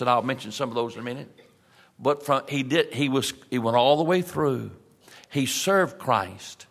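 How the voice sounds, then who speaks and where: A man preaching a sermon in a folksy manner, slowing down for emphasis and dropping soft on key points. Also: mid-range voice. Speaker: pastor. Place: large church sanctuary. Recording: long reverb of a church hall.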